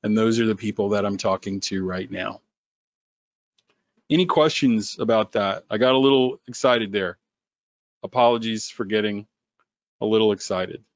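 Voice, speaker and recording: A man who founded a company, running a sales webinar in an animated, sarcastic way. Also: no room sound, dull audio. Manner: animated, sarcastic, quick swings in pitch.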